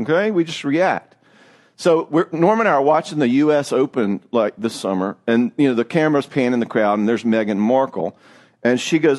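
Middle-aged male speaker, marriage seminar, pitch jumps all over, a bit higher than most men, jokey and self-mocking. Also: moderate pace. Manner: animated, joking, self-deprecating storyteller. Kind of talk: church marriage seminar talk.

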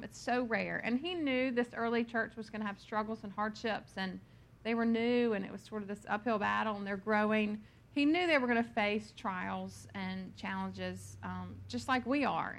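A woman leading a Bible study who reads scripture aloud, then teaches in a chatty, personal way, with frequent ums and laughing at her own stories. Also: medium pitch.

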